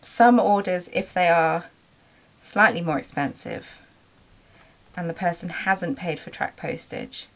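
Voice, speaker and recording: A woman's voice: fairly low pitch, measured pace. A woman running a small craft business, talking in a chatty, rambling way with lots of ums in a casual vlog. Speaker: small business owner and vlogger.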